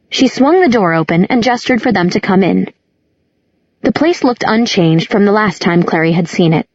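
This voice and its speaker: A woman narrating an audiobook in a measured, descriptive manner. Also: medium pitch, dry recording, dull audio. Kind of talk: scripted narration.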